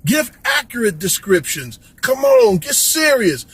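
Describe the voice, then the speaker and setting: Husky, high-voiced man ranting. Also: huge pitch swings, a little slow, fairly bright tone, low-quality recording. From Chicago. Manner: preachy, pleading, repeats "come on, man". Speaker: vlogger. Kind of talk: impassioned rant to camera. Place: Florida.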